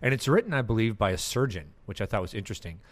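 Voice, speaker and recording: A man with a fairly low voice hosts a podcast. His talk is loose and chatty, and it is broken up by easy laughter. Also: sing-song, rapid-fire. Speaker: podcast host. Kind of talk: casual podcast chat.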